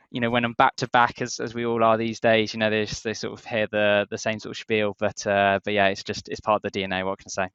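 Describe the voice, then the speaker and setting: A British man chats as a podcast guest, chatty and self-deprecating, with his sentences padded out by fillers. His voice is smooth and resonant and sits a little low. It comes over a slightly dull remote line with a dry sound. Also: fairly bright tone, no echo. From Britain. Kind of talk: casual chat.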